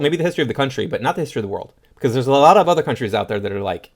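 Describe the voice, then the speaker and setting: A man of medium pitch hosts a commentary show. He reads posts aloud and answers each one in a dry, scoffing, sarcastic tone. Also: lively intonation, rapid-fire, few pauses. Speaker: political commentary host. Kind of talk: reading and reacting to posts.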